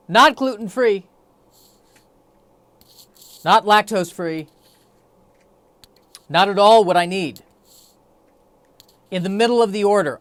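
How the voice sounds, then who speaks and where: A man's voice: high-pitched, a bit bright, no echo. A man hosting a solo podcast, rambling in a wry, self-deprecating way. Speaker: podcast host. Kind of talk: solo comedic podcast monologue.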